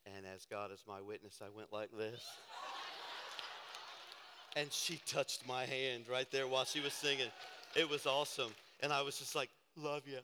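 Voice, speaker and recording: A man preaching a sermon, telling a personal story with animated, self-deprecating humor in a church auditorium. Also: medium pitch, normal speed, long pauses, background noise. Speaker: pastor. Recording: hall reverb.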